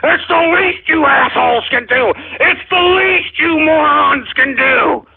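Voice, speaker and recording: A man's voice: very high voice, unhurried, gravelly. A man hosting a call-in radio show, ranting angrily and swearing at his listeners. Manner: angry, profane, shouting insults at trolls. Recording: tinny phone-like sound.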